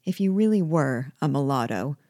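A woman voicing a quiet, cutting male officer. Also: low voice, lively intonation, moderate pace, no echo, clean studio sound.

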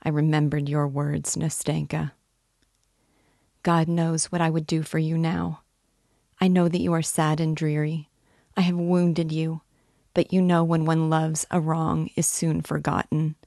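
A woman's voice: low voice, flat delivery, a little slow, vocal fry, dry recording, clean studio sound. A woman voicing a tender, pleading young woman. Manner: soft, earnest, imploring.

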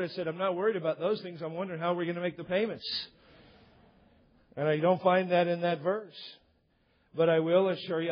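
A man preaches with a high, husky voice, leaning into his points with growing emphasis. The recording is muffled and lo-fi, like a church sermon tape. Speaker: pastor.

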